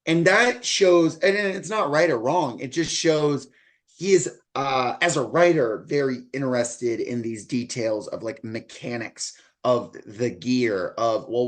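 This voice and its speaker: A man in casual podcast conversation with a mid-range voice, neither high nor low. He talks loosely and meanders, leaning on likes and ums as he goes. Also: unhurried. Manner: rambling, loose delivery full of likes and ums. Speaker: podcast co-host. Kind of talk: casual book-discussion chat.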